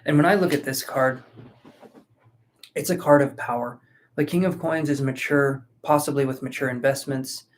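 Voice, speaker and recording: A tarot reader gives a live-streamed reading, chatting casually, thinking aloud with fillers, and sounding sleepy as he yawns. His medium-pitched voice is fairly even in intonation and moderate in pace.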